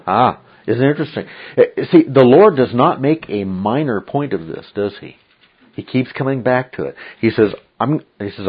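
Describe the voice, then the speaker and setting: A man's voice: on the low side, animated, moderate pace, slightly rough. A man teaching a Bible study, emphatic and checking in with frequent "okay?"s. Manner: emphatic, repeats "okay?" often. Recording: dull lo-fi recording.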